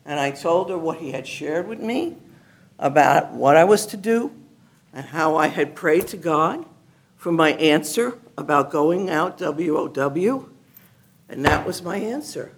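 Animated, enthusiastic woman giving testimony. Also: sits low, measured pace. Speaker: church member giving testimony. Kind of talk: personal testimony to a congregation. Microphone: handheld mic at a gathering.

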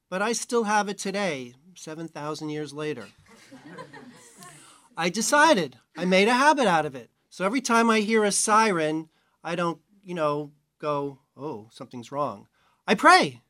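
A man's voice: a little high, fairly bright tone, no echo. A man from New York giving a conversational sermon as a Bible teacher, with chatty, self-mocking asides.

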